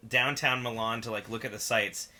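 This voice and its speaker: A man's voice: mid-range voice, normal speed, over a noisy crowd. A man in a band's livestream podcast, telling road stories in casual chat, acting out quotes and laughing often. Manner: animated storyteller, acts out quotes, laughs often. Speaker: band member on a podcast.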